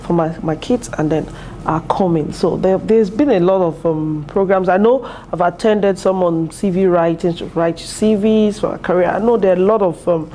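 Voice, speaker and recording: Earnest mellow-voiced woman in her thirties. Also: fairly low pitch, moderate pace, slight background noise. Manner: earnest, heartfelt, with many fillers and restarts. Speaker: PhD student and mother. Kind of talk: interview testimonial. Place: university building.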